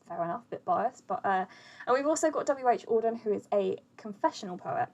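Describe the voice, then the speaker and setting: A woman's voice: medium pitch, lively intonation, a little fast, a little mellow, highs cut off. A young woman teaching poetry in a loose, chatty way, full of "um" and "you know". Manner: chatty, filler-heavy, loose explaining. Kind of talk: casual explainer lesson.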